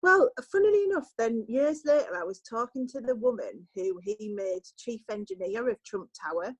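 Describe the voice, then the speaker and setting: A woman's voice: on the high side, moderate pace, slightly rough, no echo, low-quality recording. A woman, a journalist guest on a podcast, telling an anecdote in casual chat and acting out the lines people said. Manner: lively storytelling, acts out quoted lines.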